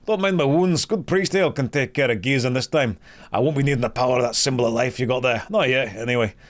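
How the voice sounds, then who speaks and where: A man voicing a wounded, blunt male warrior with a gruff Scottish accent. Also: medium pitch, fast, natural voice. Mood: earnest. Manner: gruff, storytelling brogue.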